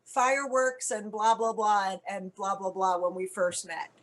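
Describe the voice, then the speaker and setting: A woman's voice: medium pitch, normal speed, over a noisy crowd. A woman from the United States, an actress, chatting as an interview guest in a rambling way, full of "like"s and self-corrections, with wry, blunt humor. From United States (Cincinnati). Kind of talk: casual chat.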